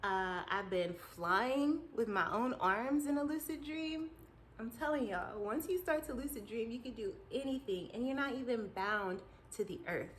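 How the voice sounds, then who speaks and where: A woman vlogger chatting with her viewers, telling her dreams in an animated way and laughing easily. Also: medium pitch, normal speed, slight background noise, poor audio. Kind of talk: casual storytelling to viewers.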